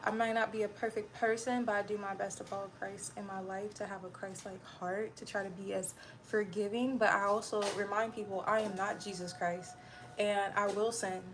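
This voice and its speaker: A woman's voice: medium pitch, little pitch movement, a little fast, hardly any pauses, noisy background. A young woman livestreaming and chatting casually with her viewers, blunt and irritable and rambling from one thought to the next.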